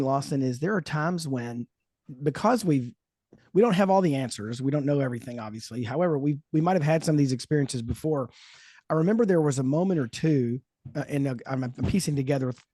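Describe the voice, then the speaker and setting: A man hosting a faith-based parenting talk show, telling stories in a thoughtful, animated way. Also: mid-range voice, no room sound, clean studio sound. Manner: thoughtful, storytelling, lively emphasis. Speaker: podcast host. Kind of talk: casual chat.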